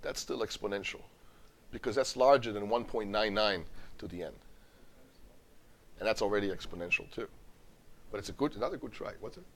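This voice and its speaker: A man's voice: lowish voice, brisk, long pauses. Middle-aged male professor, emphatic lecturer who questions his students and stumbles over repeated words. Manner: emphatic, repeats and restarts words, quizzes the class. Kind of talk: university lecture. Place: lecture hall.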